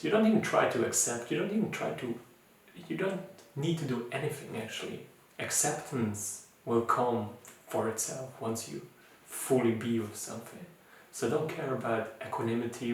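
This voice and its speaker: A man with a non-native English accent, leading a mindfulness challenge as its teacher in an informal, gentle talk full of fillers and restarts. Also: medium pitch, a little hiss or hum. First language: not English. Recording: echoey room, voice from far off.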